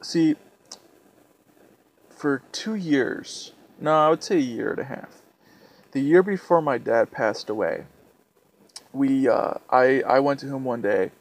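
Soft-spoken young man, gravelly and halting. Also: medium pitch. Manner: halting, hesitant, with many restarts. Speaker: vlogger. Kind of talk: personal reflective storytelling.

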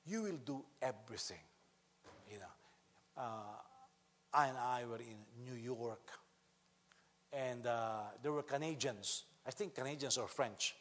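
A man preaching a sermon as pastor, animated, acting out quotes loudly and swinging from quiet to shouting. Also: medium pitch, slightly rough. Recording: long reverb of a hall.

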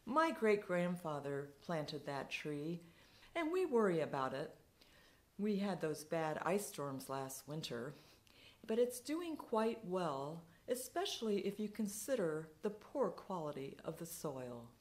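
A woman voicing a cheerful, serene little old man who chats gently and with delight. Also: on the low side, very animated, takes it slowly.

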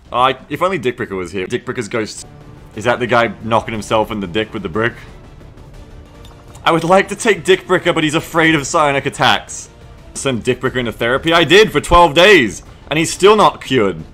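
A gaming video creator with a medium-pitched, fairly bright voice gives joking, rambling commentary over his video game campaign. It's packed with crude jokes and silly repetition.

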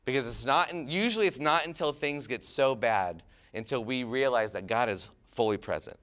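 Youth pastor, man in his thirties; smooth, clear mid-range voice, relaxed storyteller who goes quiet for emphasis. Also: normal speed. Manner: casual storytelling with many fillers and restarts; drops soft and low on key lines. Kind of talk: youth sermon.

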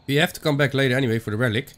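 A man giving chatty let's-play commentary on a ghost hunting game, thinking out loud with some non-native phrasing. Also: medium pitch, rapid-fire. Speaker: gaming YouTuber.

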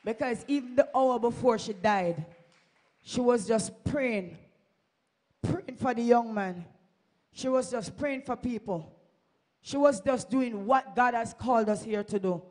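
A woman's voice: fairly high pitch, a little slow, a little mellow. A woman with a Jamaican accent stands before a church congregation and gives her testimony. She speaks fervently and urges her listeners on, moving easily between English and Patois. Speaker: church member giving testimony. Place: church sanctuary.

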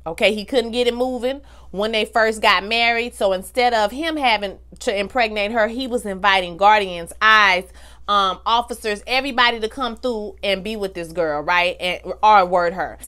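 A woman's voice: mid-range voice, normal speed, bright, forceful tone, clear, resonant tone. A woman giving a casual, slangy recap of a TV episode, talking straight to her viewers and acting out the characters' lines. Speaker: TV show recap vlogger.

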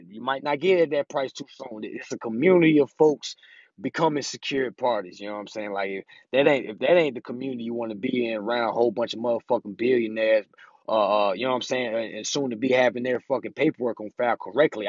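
A man's voice: mid-range voice, fast, dry recording. A man teaching consumer law in a casual, profane, emphatic monologue, saying "you know what I'm saying" over and over. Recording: dry, slightly dull lo-fi recording.

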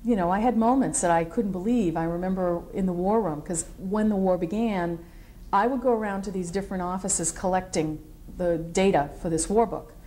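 In a fairly low voice at an ordinary pace, a middle-aged woman who was in the military recounts her service during an oral history interview. She's a lively, tangent-prone storyteller who dramatizes others' quotes.

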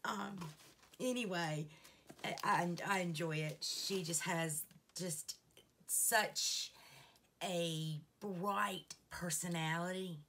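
A woman's voice: lowish voice, steady tone, slow pace, a bit bright, slight background noise. A woman vlogger, chatting casually to her viewers in a rambling, heartfelt way and laughing at herself. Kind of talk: casual chat to camera.

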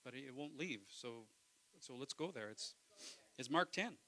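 Bright-voiced preaching pastor. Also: male voice, mid-range voice, lively intonation, normal speed, low-quality recording. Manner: impassioned, swings between loud preaching and quiet asides. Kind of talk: sermon. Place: church.

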